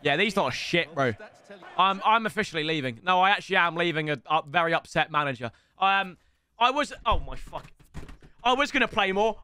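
A young man talks over a football video game in a high, lively voice that leaps around as he reacts. He is animated and swears freely, often yelling at the match. His tone is bright and sharp. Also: fairly quick. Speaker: gaming YouTuber. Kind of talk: excitable gaming commentary.

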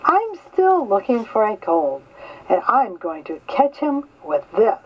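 An older woman voicing an eager, stubborn little boy raccoon in a storybook reading, speaking excitedly and insistently. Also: mid-range voice, a little slow, husky. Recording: slightly dull lo-fi recording.

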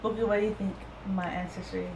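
Worn-out woman vlogging, subdued and slow, echoey room with noise behind. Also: flat delivery, creaky. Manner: low-key, subdued delivery. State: tired, new mother. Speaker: vlogger sharing ancestry results. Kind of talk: casual chat.

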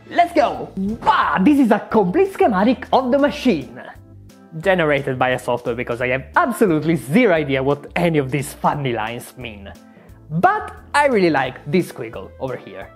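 A woman doing a comic supervillain-persona narration, theatrical and sarcastic. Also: breathy edge. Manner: theatrical, sarcastic, swinging wildly in pitch. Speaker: YouTube maker.

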